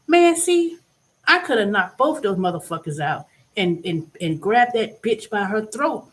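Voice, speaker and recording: Blunt, profane woman ranting on camera. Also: moderate pace. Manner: animated, swinging between loud and low. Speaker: vlog host. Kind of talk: casual ranting monologue.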